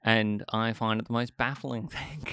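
Gravelly Australian man, rambling. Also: on the low side, fairly even intonation, a little slow, sharp tone, dry recording, studio quality. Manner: rambling, filler-heavy, genteel. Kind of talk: casual chat.

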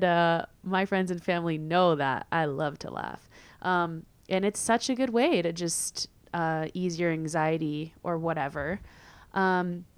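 A young woman hosting a podcast, talking casually and candidly with many fillers and quick laughs. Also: fairly low pitch, clean tone, dry recording. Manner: chatty, filler-heavy, candid, laughs easily. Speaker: podcast host. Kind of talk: casual solo podcast chat.

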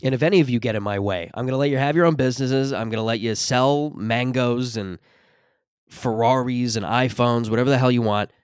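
A thirtysomething man hosts a podcast, running through a comedic solo rant that rambles, curses and keeps interrupting itself. His medium-pitched voice is brisk and smooth, captured in studio quality with no echo.

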